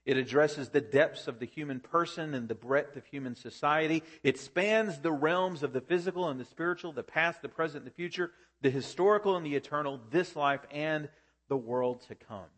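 A man's voice: on the high side, moderate pace, a bit bright. Preaching man teaching a word study. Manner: teaching, asks the congregation rhetorical questions. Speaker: pastor. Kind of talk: sermon.

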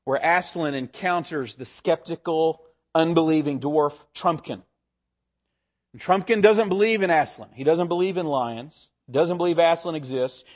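A male pastor delivering a sermon, with a voice pitched a little high for a man. He is expressive, speeding up and slowing down and lifting his pitch to stress key ideas. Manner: expressive, varies pitch and pace for emphasis.

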